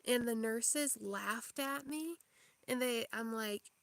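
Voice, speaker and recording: A woman's voice: a little high, takes it slowly, vocal fry, fairly bright tone, no echo. A young woman hosting a livestream, chatting casually in a rambling way, full of fillers and small laughs. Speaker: livestream host. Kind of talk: casual chat.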